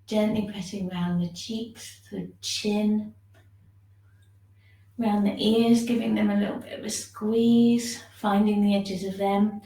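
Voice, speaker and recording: A woman teaching a shiatsu class, giving gentle, soothing step-by-step instructions for self-massage. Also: medium pitch, fairly even intonation, unhurried, roomy sound, recorded from a distance, low-quality recording. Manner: gentle, soothing instructions, yawning now and then.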